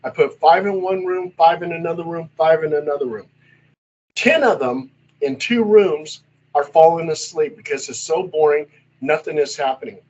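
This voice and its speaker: A male paranormal investigator telling stories in casual chat, animated and acting out the voices in them. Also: fairly high pitch, normal speed, lo-fi sound. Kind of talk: casual storytelling.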